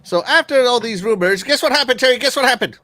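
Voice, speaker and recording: High, lively male podcast host. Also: fast talker. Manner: animated, teasing, reads viewer comments aloud. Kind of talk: casual gaming news chat.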